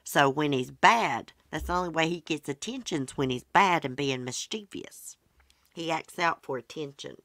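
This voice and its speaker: A woman's voice: sits low, animated, normal speed, fairly bright tone, dry recording, clean studio sound. A middle-aged woman, hosting her channel and telling folksy stories in casual chat. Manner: chatty, folksy storytelling. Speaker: channel host.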